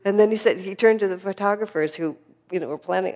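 A woman giving a spiritual class lecture, telling stories in an earnest, animated way. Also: medium pitch, fast. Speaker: spiritual teacher.

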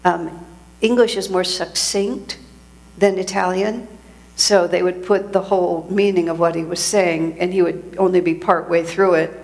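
A woman delivers a sermon as a spiritual teacher, her voice sitting a little low. She tells her story reflectively, pausing and restarting her sentences as she goes. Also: steady tone, creaky, a little mellow.

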